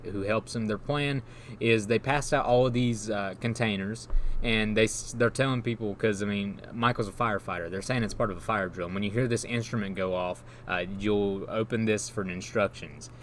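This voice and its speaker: A man's voice: lowish voice, normal speed, slight background noise. A man in casual chat, rambling through an enthusiastic plot recap and laughing along. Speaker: podcast co-host.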